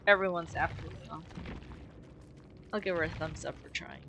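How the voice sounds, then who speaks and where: A woman streamer giving casual gameplay commentary, excitable and quick to laugh, rambling and correcting herself as she reviews. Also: low-pitched, gravelly, noisy background. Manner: excitable, shrieks and laughs at game moments.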